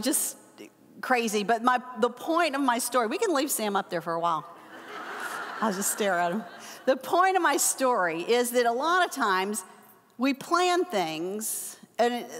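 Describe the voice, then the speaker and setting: An older woman teaching a Bible lesson, telling a personal story with animated acted-out quotes. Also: a little high, a little hiss or hum. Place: church hall. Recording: long hall reverb.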